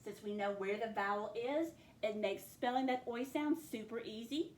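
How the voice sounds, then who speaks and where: A woman's voice: fairly high pitch, a little hiss or hum. A woman teaching a phonics spelling lesson, stretching out each sound of a word as she dictates it. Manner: slow, stretched sounding-out of words. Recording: echoey room with faint ambience.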